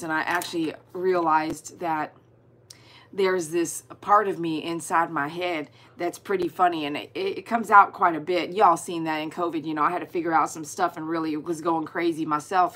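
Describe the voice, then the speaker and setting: A woman's voice: low voice, fairly even intonation, moderate pace, pushed and bright. A woman hosting a livestream, chatting casually and greeting viewers by name. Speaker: dog groomer hosting a livestream.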